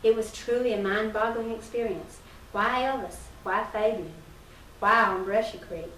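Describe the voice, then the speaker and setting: A woman reading a humorous first-person short story aloud in a measured storytelling delivery, with a few small slips. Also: medium pitch, steady tone, fairly bright tone. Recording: roomy distant early-1990s recording with faint hiss.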